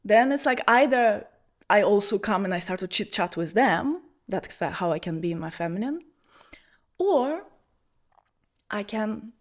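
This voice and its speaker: A woman in the middle of a video-call talk, telling her own story as a spiritual teacher. She moves between hushed, breathy asides and bright, emphatic lines, at an ordinary pitch for a woman. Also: normal speed. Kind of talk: personal storytelling talk on feminine energy.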